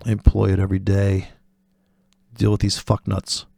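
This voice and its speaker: With a lowish, creaky, warm voice and a completely flat delivery at normal speed, a man hosts a forex trading video. Recorded in studio quality without echo, his casual monologue rambles sardonically and profanely, veering into tangents as he acts out imagined voices in quotes.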